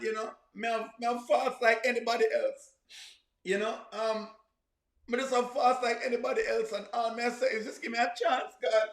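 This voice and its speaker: A man putting on a remorseful lover, begging to be taken back. He speaks softly and at length, quieter than his usual talk. The voice rings in an echoey room. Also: very high-pitched, exaggerated voice. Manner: pleading, soft, rambling.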